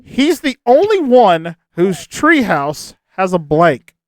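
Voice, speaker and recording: A man hosts a game show in a high, light voice. He reads each prompt with upbeat cheer and laughs easily between the players' answers. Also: big pitch swings, slow pace, no room sound. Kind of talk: hosting an online game show.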